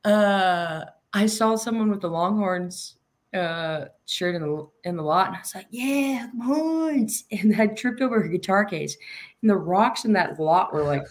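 Giggly young woman co-host. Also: on the low side. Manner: giggly, chatty, quick anecdotes. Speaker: podcast co-host. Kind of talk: casual chat.

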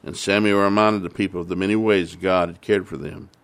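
A man delivers a sermon, first retelling scripture in a steady storytelling voice. He then turns to its lesson with earnest, repeated emphasis that builds toward fervor. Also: low-pitched, brisk. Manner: earnest, repetitive emphasis, rising to fervent. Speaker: preacher.

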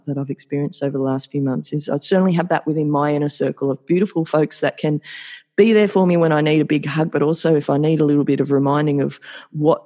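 A man's voice: fairly high pitch, warm tone. A man hosting a solo podcast, talking in an upbeat, effusive and motivational way and repeating words for emphasis. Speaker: podcast host.

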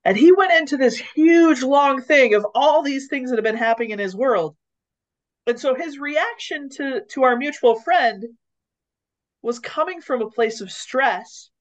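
A woman's voice: high voice, unhurried. A woman co-hosting a casual podcast conversation on leadership, telling stories and acting out what people said. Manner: animated storyteller who acts out quoted lines. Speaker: podcast co-host. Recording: dull lo-fi audio.

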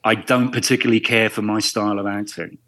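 A man's voice: on the low side, little pitch movement, fast, fairly bright tone. A middle-aged English man, a guest actor, chatting casually on a podcast in a wry, self-deprecating way.

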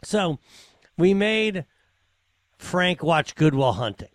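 A man's voice: a little high, slow, dry recording, studio quality. A man co-hosting a podcast, telling family stories with plenty of laughter. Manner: animated storyteller, laughs often. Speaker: podcast co-host. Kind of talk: casual chat.

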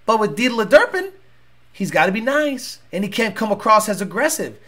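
A man's voice: high-pitched, big pitch swings, moderate pace, bright, forceful tone. A man hosting a talk show, ranting in a blunt, profane and combative way. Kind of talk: casual rant.

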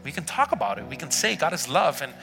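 A man's voice: a little high, sing-song, fast talker, vocal fry, in a large hall, over music. A man preaching a sermon to a congregation, earnestly asking them rhetorical questions. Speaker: pastor. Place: church sanctuary.

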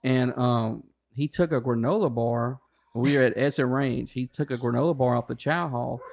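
A Marine veteran, a man, telling boot camp stories in a profane, animated casual chat. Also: medium pitch, moderate pace, vocal fry.

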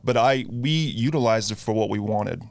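With a lowish voice and darkish tone, a young man speaks as a guest about his recovery. The conversation is casual, and he is earnest yet halting, with many restarts.

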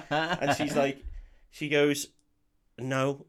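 A man's voice: mid-range voice, steady tone, slow pace, pauses often. A man co-hosting a podcast, casually recapping a film, swearing freely, laughing often and acting out characters' lines. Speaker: podcast co-host.

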